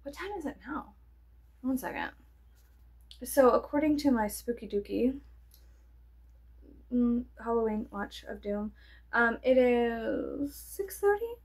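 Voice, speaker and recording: She speaks slowly with a fairly high, lively voice, pausing often. The young woman is vlogging for her viewers in a rambling, casual chat, swearing frequently and playfully while swinging between near whispers and sudden squeals.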